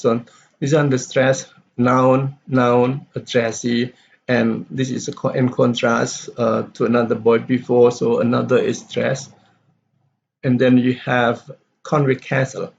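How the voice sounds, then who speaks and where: A man with a gravelly, husky voice explains how to stress words when reading a story aloud. He moves in halting steps, with plenty of pauses and fillers. The recording sounds dull and lo-fi. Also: medium pitch, steady tone, a little mellow. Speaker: English teacher.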